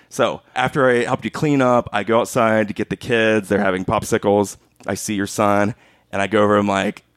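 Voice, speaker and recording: A man's voice: fairly low pitch, steady tone, fairly quick, no room sound, studio quality. A man telling a funny story in casual chat, acting out quotes and laughing often.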